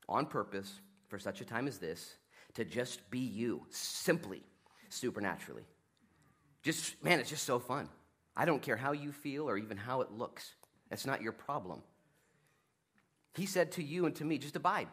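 A man preaching a sermon in a casual, conversational way, swinging between loud emphatic bursts and hushed asides, talking fast and laughing at his own jokes. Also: medium pitch, big pitch swings, husky. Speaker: pastor.

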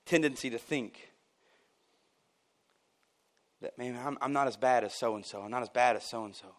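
A pastor preaches at a church service in a mid-range voice, talking fairly quickly. He's emphatic yet casual, swinging from loud bursts to near-quiet lines and slipping in chuckling asides.

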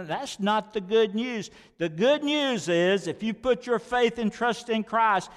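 A man preaching a sermon as pastor, emphatic, repeating words and swinging between loud declarations and quiet asides. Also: high voice, lively intonation, a little slow, hardly any pauses, clear, resonant tone, long reverb tail.

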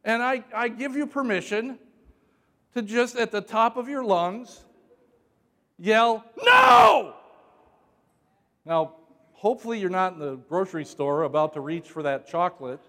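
High-voiced preacher man in a reverberant hall. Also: normal speed. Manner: shouts for emphasis, jokes with congregation. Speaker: pastor. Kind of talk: sermon.

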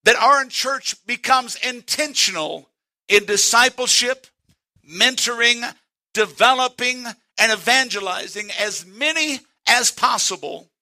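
A male pastor, preaching a sermon in church and quoting scripture with slow, emphatic stresses. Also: extremely high pitch, bright, forceful tone.

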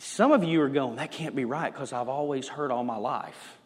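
A man preaching a sermon, animated, swinging between loud emphasis and hushed lines. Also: mid-range voice, moderate pace. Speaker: pastor. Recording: echoey hall.

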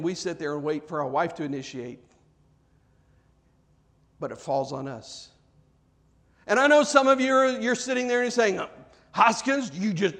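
Guy preaching, pretty high voice, goes big and jokey then gets soft and earnest. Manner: animated, acts out quoted voices, jokes with congregation; drops to soft, earnest tones for serious points. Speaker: pastor. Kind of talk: sermon.

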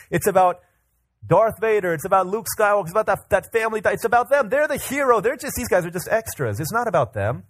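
A man preaching a casual, energetic sermon to a congregation, often repeating and restarting words as he tells everyday examples. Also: high-pitched, fast. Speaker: pastor. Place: church service with congregation.

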